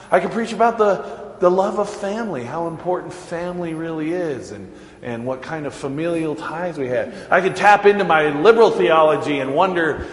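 A man preaching a sermon as pastor, talking in a conversational, joking way and laughing often. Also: fairly high pitch. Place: church sanctuary. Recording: echoey church hall reverb.

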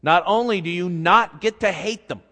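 A man pastor preaching a sermon in a church, telling a story in an animated, folksy way. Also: sits high, moderate pace. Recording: long reverb in a big hall.

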